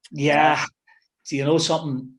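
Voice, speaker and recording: A middle-aged football manager reminiscing in a casual interview, rambling with plenty of "you know" and restarts. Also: male voice, fairly high pitch, little pitch movement, unhurried.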